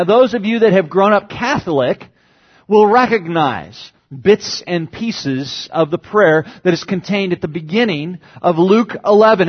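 A man's voice: sits high, husky. Male pastor, earnest sermon teaching, emphatic stresses, dull lo-fi church recording.

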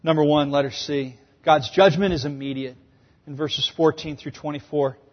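Guy preaching in a big echoey hall, kinda high voice, playful, does little voices for the bible folks, muffled audio. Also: normal speed. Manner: animated storytelling, acting out quoted voices with humor. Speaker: pastor. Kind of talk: sermon. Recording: dull, echoey hall sound.

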